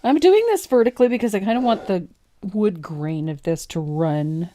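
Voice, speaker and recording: A woman hosting a live painting tutorial, chatty and quick to laugh, poking fun at herself as she explains each step. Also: mid-range voice, expressive, mellow. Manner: chatty, laughs easily, self-deprecating. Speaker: host and painting teacher.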